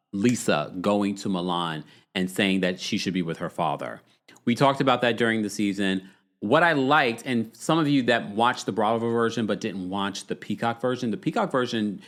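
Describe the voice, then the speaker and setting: A man hosting a reality TV recap show in casual chat, reading viewer comments aloud and reacting with lively, swooping enthusiasm. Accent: New York. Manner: animated, swings up high when amused. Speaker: podcast host.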